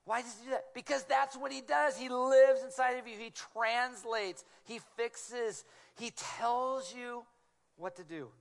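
A man preaching a sermon as a guest speaker, telling stories with animated delivery and slipping into hushed tones for quoted voices. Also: extremely high pitch, slow, gravelly. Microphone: small clip-on mic.

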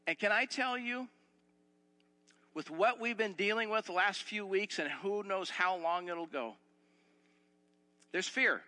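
A man's voice: high voice, unhurried, long pauses, pushed and bright, long reverb tail. A man preaching a sermon as pastor, earnest, repeating phrases and asking the listeners direct questions.

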